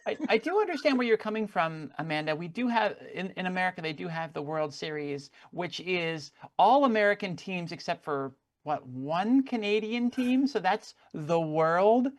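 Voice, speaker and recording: Low-voiced woman teasing her co-hosts. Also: animated, moderate pace, few pauses. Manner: teasing, dry, steers topics. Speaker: podcast co-host. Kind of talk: casual comedic chat.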